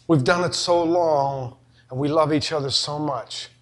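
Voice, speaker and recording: A middle-aged preacher with a fairly high voice, telling homey stories and jokes to his congregation. He swings between soft asides and animated, emphatic preaching. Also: a little slow. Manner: folksy, joking, animated storytelling. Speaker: pastor. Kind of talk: sermon.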